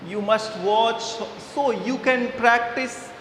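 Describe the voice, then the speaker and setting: A male teacher with an Indian English accent gives a slow, halting classroom lesson, stopping often on fillers and repeating his words. His voice sits fairly high for a man. It is recorded in a reverberant hall with faint background noise. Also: a bit bright.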